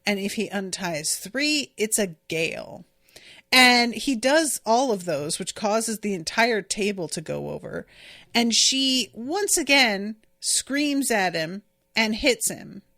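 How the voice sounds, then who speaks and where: A woman recaps an episode on her podcast, chatty and exasperated, with frequent filler words. She speaks in a measured, unhurried way at a middling pitch. Her voice sounds dry and close, with no room echo. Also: lively intonation, bright, forceful tone. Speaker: podcast host. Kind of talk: casual episode recap and commentary.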